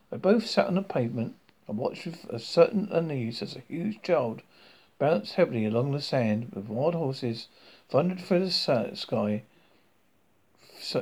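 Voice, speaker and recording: Man, informal storybook reading, stumbles and self-corrects, gravelly, lively. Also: mid-range voice, unhurried. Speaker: reader.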